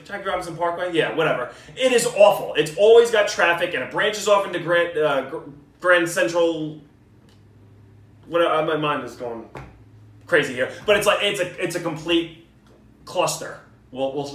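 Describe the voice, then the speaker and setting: A man's voice: a little high, a bit bright. Joking New man, roomy distant sound. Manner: joking, swearing, enthusiastic banter. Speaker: vlogger. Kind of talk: casual video response. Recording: roomy echo, mic at a distance.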